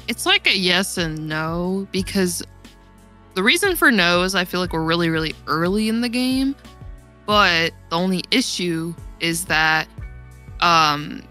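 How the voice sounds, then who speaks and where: A woman's voice: lowish voice, bright, forceful tone. A young woman talking in a casual gaming podcast chat, rambling and laughing often, her voice getting worn. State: losing her voice. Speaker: podcast guest.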